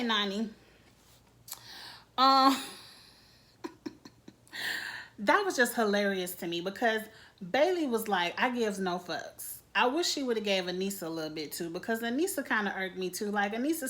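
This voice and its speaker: A woman hosting a casual reality TV recap vlog, talking in an animated, gossipy way and laughing often. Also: mid-range voice, moderate pace.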